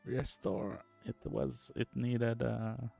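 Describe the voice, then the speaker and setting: A young man streaming game development, quietly muttering to himself in halting phrases as he works. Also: medium pitch, flat delivery, gravelly, faint music behind. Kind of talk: casual livestream commentary while coding and gaming.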